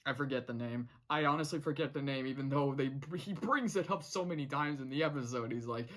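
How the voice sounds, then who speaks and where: Young adult vlogger, casual episode recap, rambly and giggly, mid pitch. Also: brisk, fairly bright tone. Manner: rambling, many restarts and laughs. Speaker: show reviewer. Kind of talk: casual vlog episode review.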